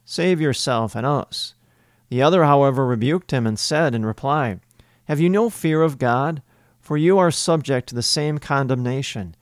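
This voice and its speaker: A man giving a homily as a priest, speaking in a measured, emphatic way with deliberate pauses. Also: medium pitch, no room sound, studio quality.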